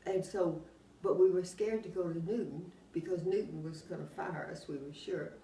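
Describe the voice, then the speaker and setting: A woman's voice: fairly low pitch, moderate pace. Older woman telling rambling stories. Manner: rambling, animated, often laughing while telling anecdotes. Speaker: oral history interviewee. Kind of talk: casual storytelling. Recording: roomy, distant mic, faint background hum.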